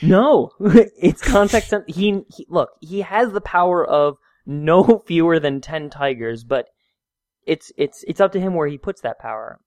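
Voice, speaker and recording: A man co-hosting a loose, casual podcast, joking his way through the talk with frequent laughs. His voice sits a little high, and it is recorded close and dry. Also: lively intonation, measured pace, darkish tone, no room sound. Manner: jokey, rambling, laughs often. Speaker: podcast co-host. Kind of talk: casual chat.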